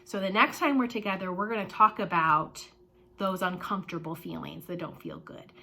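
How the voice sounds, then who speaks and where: A woman teaching a lesson to young children, animated and sing-song, with playful exclamations. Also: fairly low pitch, normal speed, gravelly.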